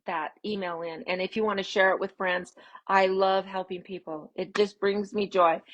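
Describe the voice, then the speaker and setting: A woman hosting a parenting live stream, talking straight to her viewers in an easygoing way. Her delivery is expressive and upbeat, with big lifts in her voice on the words she stresses. She sits at a medium pitch and comes across like a friendly coach. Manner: expressive, swooping upbeat emphasis with laughs. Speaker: podcast host and parenting coach.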